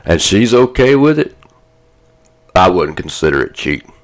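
Laid-back, deep-voiced folksy man. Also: big pitch swings, normal speed. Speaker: podcast co-host. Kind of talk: casual chat.

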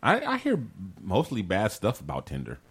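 A man's voice: on the low side, huge pitch swings, normal speed, slightly rough. A man hosting a podcast in casual chat, telling stories loosely, swearing freely and laughing often. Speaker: podcast host.

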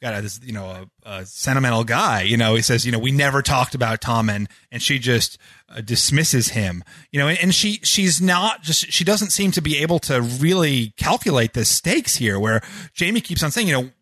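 A man's voice: mid-range voice, expressive, normal speed, bright, forceful tone, no echo. A man talking as a guest on a casual podcast, rambling and packing his talk with "you know". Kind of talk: casual discussion of a TV episode.

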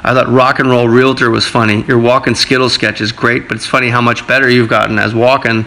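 A man's voice: mid-range voice, level tone, fast, pushed and bright, poor audio. A man hosting a comedy podcast, profane and wisecracking, ranting about sports and reading listener mail. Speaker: podcast host. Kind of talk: casual comedic sports rant.

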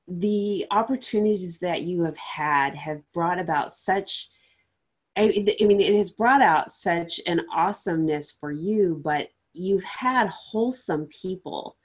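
Enthusiastic woman hosting an interview. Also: fairly low pitch. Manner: enthusiastic, effusive praise. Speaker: podcast host.

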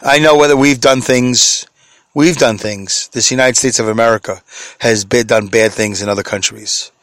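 A man's voice: mid-range voice, fairly even intonation, moderate pace, a bit bright, dry recording. A middle-aged man hosting a solo podcast from inside his vehicle, rambling, chuckling at himself and answering his own questions. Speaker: podcast host.

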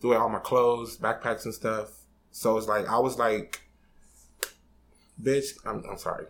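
A man's voice: on the low side, flat delivery, measured pace, slight background noise. A man in his twenties on a podcast, candidly telling a personal story in a casual, slangy way, swearing freely and getting emotional. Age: 20s.

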